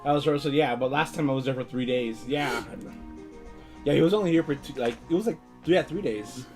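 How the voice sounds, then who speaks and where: A man's voice: medium pitch, a little fast, a little mellow, soft background music. A young man co-hosting a casual show, teasing his friend in a playful way. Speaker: podcast co-host. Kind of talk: casual chat.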